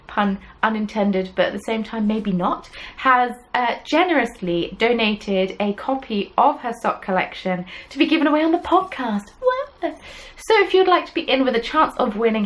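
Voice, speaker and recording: A woman's voice: fairly high pitch, low-quality recording. A young adult woman, hosting a crafting podcast in casual, self-deprecating chat full of ums. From England. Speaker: podcast host. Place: home desk.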